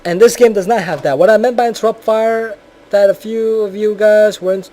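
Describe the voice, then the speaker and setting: A man's voice: sits high, fairly quick, dark tone. Blunt, profane man ranting about a game. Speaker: video game reviewer. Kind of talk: casual profane game commentary.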